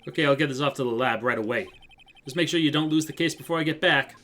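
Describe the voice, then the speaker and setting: A man's voice: mid-range voice, fast talker, pushed and bright, natural voice. A man reading an eager friendly detective.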